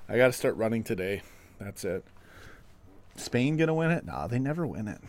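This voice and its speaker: A man's voice: lowish voice, sing-song, moderate pace, pauses often. A man from Canada hosting a casual football live stream, chatting and answering viewers in a self-mocking way. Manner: chatty, self-mocking, reads chat aloud. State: out of breath. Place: home room, window open.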